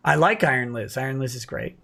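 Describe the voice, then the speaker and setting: A man's voice: mid-range voice, animated, a little fast, creaky, bright, forceful tone. Man hosting a late-night livestream. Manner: reads viewer messages aloud, then answers with dry quips. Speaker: livestream host reading viewer comments. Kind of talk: casual late-night stream chat.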